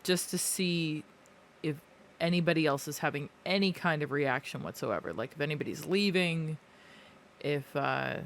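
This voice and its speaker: A tabletop player describes what their character does in a calm, descriptive way. There is a faint noise under the voice. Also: mid-range voice, moderate pace. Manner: descriptive, relaxed. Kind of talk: tabletop role-play.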